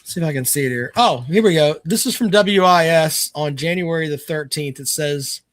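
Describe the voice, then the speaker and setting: A man's voice: on the high side, moderate pace, dry recording. A man co-hosting a casual sports chat show, talking bluntly and swearing freely. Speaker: co-host.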